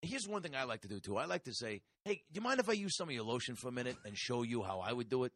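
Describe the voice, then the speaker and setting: A man's voice: mid-range voice, sing-song, very fast, a bit bright, dry recording. A man putting on a brash, crude, blustering interrupter for a comedy podcast bit, rambling and profane. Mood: crude bragging. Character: brash crude male interrupter, pushy and loud.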